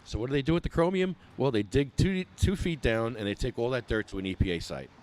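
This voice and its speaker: A man's voice: medium pitch, lively intonation, quick pace, darkish tone. A man ranting with sarcasm as a cannabis patient activist, livestreaming from an outdoor protest on his phone.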